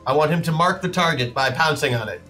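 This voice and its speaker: A man playing a tabletop role-playing game, asking quick questions and planning his moves. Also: on the high side, sharp tone, faint music behind. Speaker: player. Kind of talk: casual game chat.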